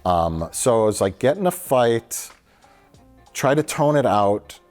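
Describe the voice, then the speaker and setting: A man's voice: mid-range voice, very animated, measured pace, a little mellow, faint music behind. A man co-hosting a film review show, telling a long annoyed story in casual chat, acting out quotes and swearing freely.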